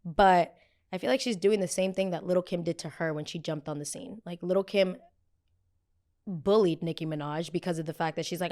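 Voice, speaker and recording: A young woman hosting a pop culture podcast in a blunt, gossipy, animated chat style. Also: lowish voice, moderate pace. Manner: animated, gossipy and blunt, with frequent quoted voices. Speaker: podcast host.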